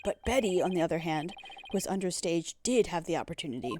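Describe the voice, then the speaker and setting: A woman's voice: lowish voice, lively intonation, fast, darkish tone, slight background noise, voice pushed down, close to an everyday voice. A woman voicing a young male defense attorney in an earnest, explaining manner, close to her own voice, as she reads a game aloud.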